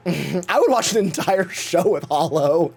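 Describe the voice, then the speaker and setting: A man talking casually on a livestream with a very animated, bouncing delivery. He gossips, swears freely and slips into exaggerated voices when acting out what other people said. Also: high voice, takes it slowly, vocal fry, husky. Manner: gossipy, profane, acts out quotes in exaggerated voices. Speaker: Twitch streamer.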